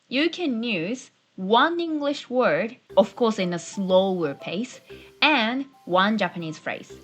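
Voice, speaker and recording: A woman teaching basic travel phrases in a friendly, encouraging way. She slows right down to model each phrase, her voice rising and dropping through the examples. Soft music plays underneath. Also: fairly high pitch. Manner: slow, deliberate modeling of phrases. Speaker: Japanese language teacher. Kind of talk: friendly travel language lesson. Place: New Zealand-based channel.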